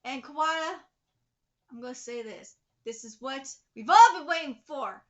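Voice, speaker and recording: Woman host, live manga reaction, excitable, shouting bursts, very high pitch. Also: moderate pace.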